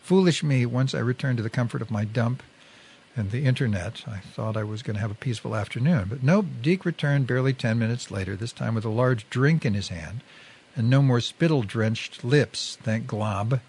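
Husky man reading a wry story. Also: medium pitch, normal speed, a little mellow. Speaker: reader. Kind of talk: reading a first-person story aloud.

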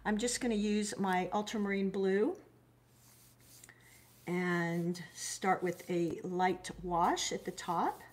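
A woman's voice: medium pitch, steady tone, slow. A middle-aged woman runs a live watercolor lesson in a friendly, chatty way. She greets her viewers by name and often trails off or restarts mid-thought. She jokes about her own shortcomings as she goes. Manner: self-deprecating, loses her thread mid-sentence. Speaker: watercolor art teacher. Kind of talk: live-streamed painting lesson.

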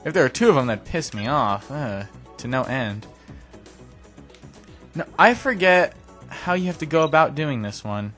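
A young man giving casual, self-deprecating gameplay commentary, breaking into sudden excited yelps. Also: mid-range voice, normal speed, long pauses, soft background music. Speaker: let's play commentator.

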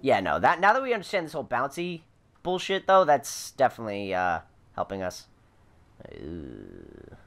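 A tired man playing a video game and commenting casually, excitable and swearing, laughing with loud outbursts. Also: mid-range voice, fairly quick. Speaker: let's play host.

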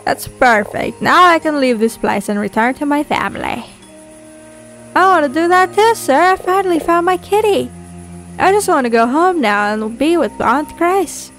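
A sweet, eager little girl, voiced by a woman reading game dialogue. Her voice is pitched high and chirpy, full of hope. Soft game music plays faintly behind. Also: lively intonation, normal speed. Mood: hopeful.

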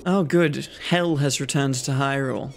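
A host giving relaxed, rambling ASMR gameplay commentary, low energy and self-mocking, with game music behind. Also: moderate pace, creaky, slight background noise. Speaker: gaming channel host. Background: video game music.

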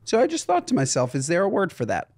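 A man with a mid-pitched voice that moves a lot, talking things through with a podcast co-host. He stops, restarts and muses aloud, close to the mic in a dry room. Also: wildly swooping pitch, fast talker, a little mellow, dry recording. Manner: musing, talks things through with restarts and little acted asides. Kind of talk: casual chat.

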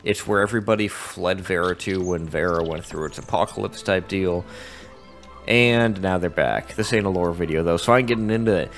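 A man's voice: deep voice, a little fast, soft background music. Casual man narrating a game. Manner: casual and rambling. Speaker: gamer. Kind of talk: let's-play commentary.

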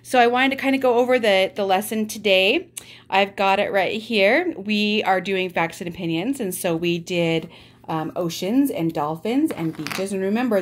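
A middle-aged woman teaching a fourth grade reading lesson remotely, friendly and chatty, calling her students guys, with upbeat bursts of excitement. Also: medium pitch.

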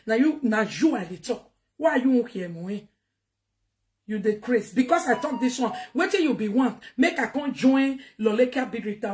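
A woman's voice: a little high, a little mellow. A Nigerian woman giving a heated monologue to her viewers, scolding and repeating herself, mixing in Yoruba phrases. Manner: ranting, scolding, repetitive, mixes in Yoruba phrases. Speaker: online commentator.

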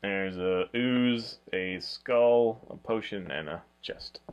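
A man hosting a casual board game review, talking in a flat, low-key way. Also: takes it slowly, clean tone, lo-fi sound. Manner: low-key, flat delivery, self-described monotone.

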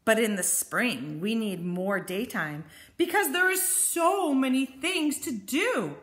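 A woman's voice: a little high, lively intonation, slow, a bit bright. A woman voicing a friendly, cheerful bear in a storybook read-aloud. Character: friendly cheerful bear who loves hugs.

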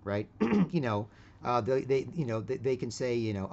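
A man's voice: medium pitch, animated, moderate pace, darkish tone. Guy rambling in a casual monologue, lots of "right?" and restarts, medium voice, slightly muffled audio. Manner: rambling, tags "right?" constantly, many restarts. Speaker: vlogger.

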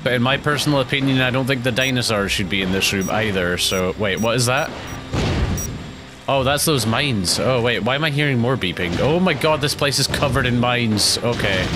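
A man's voice: mid-range voice, lively intonation, normal speed, noisy background. Jumpy man narrating gameplay. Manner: rambling, jumpy, breaks into panicked yelps and laughs. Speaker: let's play gamer. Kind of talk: casual gameplay commentary.

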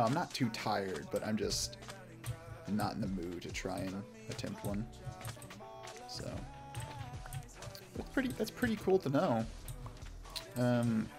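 A man from Oklahoma chatting casually and rambling while he plays a game on a live stream. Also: lowish voice. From Oklahoma, United States.

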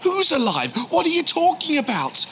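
A man telling the story in the first person as a grieving, doubting male disciple, halting and emotional, repeating words. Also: mid-range voice, lively intonation, bright, forceful tone, a little hiss or hum. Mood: incredulous.

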